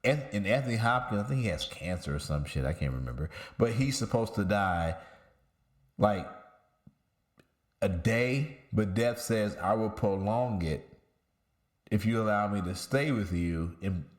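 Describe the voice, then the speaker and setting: A man with a fairly low voice hosts a casual podcast among friends. He tells stories in a loose, rambling way, swears freely and restarts his sentences as he goes. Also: lively intonation, a little slow. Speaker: podcast host. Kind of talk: casual chat.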